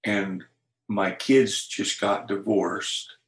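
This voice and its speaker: A man's voice: lowish voice, flat delivery, extremely slow, echoey room, poor audio. An older man, a pastor, earnestly telling a personal faith story in conversation. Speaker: pastor, interview guest.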